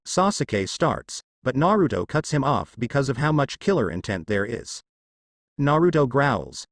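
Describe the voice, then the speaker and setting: A man narrating fan fiction in a steady storytelling read. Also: mid-range voice, a little slow, dry recording, studio quality.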